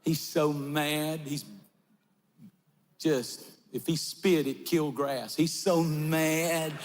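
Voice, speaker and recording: A high-voiced man preaches slowly and with fire, pushing up into shouts at his strongest lines. He is in a large church where the sound rings out in a long hall reverb, with faint music underneath. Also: steady tone. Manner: impassioned, shouting at peaks, storytelling. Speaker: pastor. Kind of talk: sermon.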